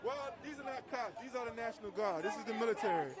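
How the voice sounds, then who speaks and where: A man reporting live from a street protest, earnest and speechlike, with filler pauses. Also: very high voice, animated. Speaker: livestream reporter. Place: outdoor city street protest. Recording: live outdoor stream amid a crowd. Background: crowd.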